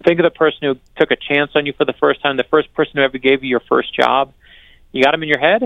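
Male author guest, energetic and earnest storyteller, gravelly, phone-quality audio. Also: a little high, no echo. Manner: earnest, energetic, quick restarts and repetitions. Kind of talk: animated storytelling conversation. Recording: dry, narrow phone-like sound.

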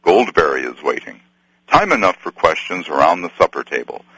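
A hearty old nature spirit as a man reads him out who chants his lines in sing-song rhyme and old rustic dialect. The voice is deep and lively, bright and a little husky, close and dry in an archival storybook reading. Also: moderate pace, dry recording, exaggerated voice, rough recording.

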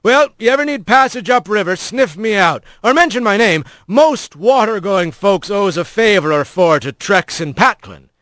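A man's voice: high voice, animated, moderate pace, fairly bright tone, no echo, pitched above the performer's own voice. A man voicing an easygoing, witty male otter bosun who jokes with the crew in a storybook reading. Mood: wry. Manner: jovial and wry.

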